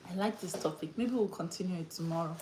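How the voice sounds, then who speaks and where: A woman's voice: lowish voice, fast talker, reverberant, background noise. Laughing woman with an African accent. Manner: laughs often and acts out quoted voices. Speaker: livestream host. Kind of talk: casual livestream chat.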